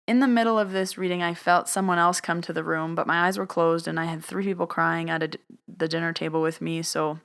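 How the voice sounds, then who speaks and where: A woman telling a personal story in a podcast, animated, acting out other people's lines as she goes. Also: on the low side. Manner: animated retelling, acts out others' voices in quotes. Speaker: medium telling her story.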